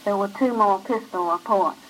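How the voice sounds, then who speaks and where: A woman narrating a short story in a measured, even voice. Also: mid-range voice, a little hiss or hum, rough recording. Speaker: reader.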